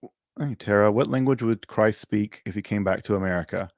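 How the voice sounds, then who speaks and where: A man's voice: fairly low pitch, a little fast, a little mellow, dry recording, studio quality. A man from Mississippi, hosting a livestream Q&A and talking casually with lots of fillers and restarts. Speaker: host. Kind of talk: livestream Q&A chat.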